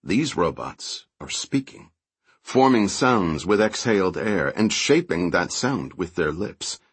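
A man voicing a measured, analytical adventurer. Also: low voice, big pitch swings, slightly rough, dry recording, exaggerated voice. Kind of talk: audiobook character voice.

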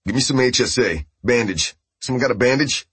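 A man's voice: mid-range voice, animated, a little fast, fairly bright tone, slightly rough, no echo, voice pushed up. A man voicing a bulky, blunt male medic working with concentration. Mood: focused.

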